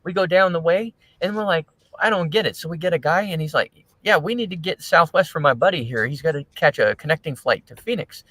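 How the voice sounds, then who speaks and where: A man's voice: on the high side, lively intonation, a little fast, a bit bright, dry recording, poor audio. A man co-hosting a livestream, chatting casually and retelling stories, often quoting other people. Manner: chatty, quotes people while telling stories. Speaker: livestream co-host. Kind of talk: casual chat.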